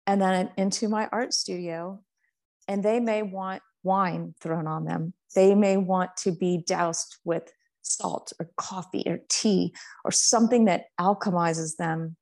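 A woman speaks in a somewhat low voice, telling her story in an easygoing, conversational way. She sounds earnest and heartfelt, and she often slows down to lean on the words that matter to her. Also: darkish tone. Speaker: portrait artist and business founder. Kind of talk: casual storytelling.

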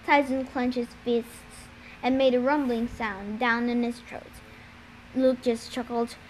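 A woman's voice: on the high side, level tone, unhurried, a little hiss or hum, rough recording. A woman reading a novel aloud, raising her voice for dialogue and sometimes stumbling and restarting words. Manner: reads dialogue with raised voice, occasional stumbles and restarts. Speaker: reader. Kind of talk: amateur audiobook reading.

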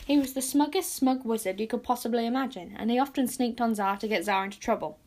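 A woman narrating a children's storybook aloud with lively, expressive storytelling. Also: on the high side, quick pace. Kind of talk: storybook reading.

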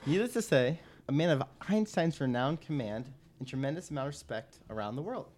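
A man's voice: fairly high pitch, lively intonation, brisk. Podcast co-host, male, chatty storyteller, stumbles and laughs, faint hiss behind. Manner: laughs often, stumbles and restarts. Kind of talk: casual chat, telling a trivia story.

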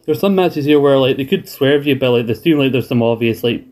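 A man's voice: medium pitch, fairly quick, a little mellow. A man, rambling and restarting as he chats casually as a podcast co-host. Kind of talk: casual wrestling chat.

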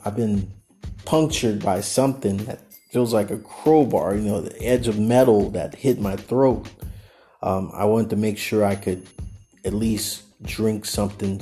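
A man hosting a podcast, telling a personal story in a rambling, animated way and acting out what people said. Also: lowish voice. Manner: rambling, animated, acts out quotes. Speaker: podcast host.

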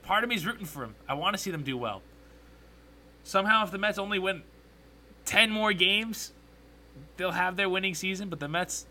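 A young man hosting a solo sports podcast, ranting with strong opinions, getting excited and correcting himself as he goes. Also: mid-range voice, a little hiss or hum.

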